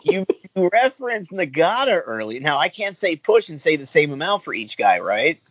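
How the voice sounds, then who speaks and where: A man's voice: fairly high pitch, sing-song, moderate pace, husky, no echo. Swearing, joking man on a podcast. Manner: profane, joking, thinks out loud. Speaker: podcast co-host and quiz contestant. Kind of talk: casual podcast banter. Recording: dry, dull lo-fi sound.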